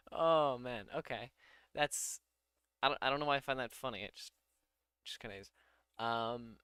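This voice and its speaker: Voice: mid-range voice, sharp tone, smooth, dry recording, clean studio sound. A programmer thinking aloud while coding in a casual vlog, muttering to themself and laughing at their own mistakes.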